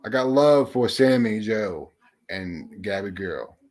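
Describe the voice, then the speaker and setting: A man's voice: fairly low pitch, lively intonation, slow, darkish tone. A man hosting a casual livestream chat, greeting viewers and talking bluntly with heavy swearing and frequent restarts. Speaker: livestream host.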